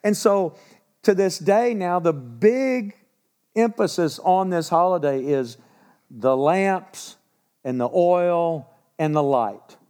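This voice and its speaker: A pastor delivers a sermon in a church in Texas, telling it as a folksy, lively story. His voice sits high for a man. He drops in asides and acts out quotes as he goes. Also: slow, clean tone. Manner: folksy, animated storytelling with laughs and acted quotes.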